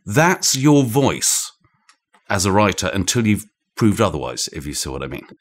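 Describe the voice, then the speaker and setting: A man's voice: lowish voice, sing-song, normal speed. A man with a British accent, an author being interviewed, explaining ideas in a thoughtful, digressive way with frequent restarts. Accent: British English. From Britain. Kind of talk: conversational explanation. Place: indoor room shared with the host.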